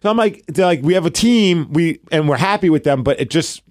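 A man's voice: on the high side, lively intonation, a little fast, a little mellow, dry recording, clean studio sound. Man with a New York accent. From Brooklyn, New York. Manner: rambling, acts out quoted dialogue. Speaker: podcast co-host. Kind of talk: casual storytelling chat.

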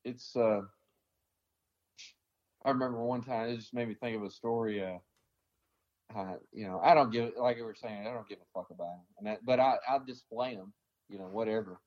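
A man's voice: lowish voice, steady tone, moderate pace, long pauses, a little mellow, dull audio. A man from the American South, an army veteran, telling his stories bluntly in a casual interview, swearing often and rambling with many fillers.

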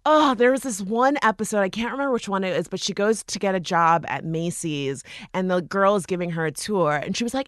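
A woman comedian chatting as a podcast guest, blunt and animated, mimicking the people she quotes. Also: on the high side, fast talker, hardly any pauses, no echo, clean studio sound. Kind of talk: casual chat.

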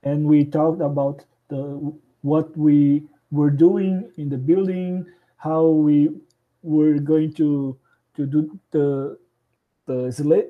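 A man from Brazil with a Brazilian Portuguese accent, speaking English as a second language as a guest, halting and restarting as he searches for words. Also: a little high, phone-quality sound. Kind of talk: casual interview conversation.

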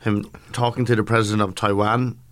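A man's voice: fairly low pitch, flat delivery, brisk, no echo. Chatty man telling a story. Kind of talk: casual comedic chat.

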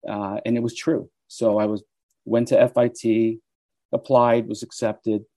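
A man in his sixties from the United States, a guest telling animated stories in an interview. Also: on the low side, unhurried, no room sound. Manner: animated storyteller who acts out quoted voices. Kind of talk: storytelling interview.

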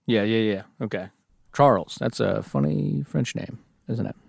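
A man's voice: fairly low pitch, normal speed, gravelly, no room sound. Brief: playful male co-host, casual banter, lots of laughs, dry close sound. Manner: joking, laughs often, playful wordplay. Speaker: podcast co-host. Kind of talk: casual chat.

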